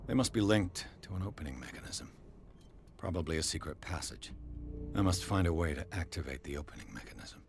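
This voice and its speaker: A low, calm game detective. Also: male voice, slight background noise. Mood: musing. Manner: measured, muttering to himself. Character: male investigator, calm and deliberate. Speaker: game character. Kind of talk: game voice acting.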